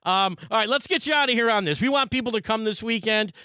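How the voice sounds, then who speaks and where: A man hosting a podcast from his desk, chatting in an animated, agreeable way and laughing easily. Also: high-pitched, fast, clean tone, dry recording. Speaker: podcast host. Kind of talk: casual interview chat.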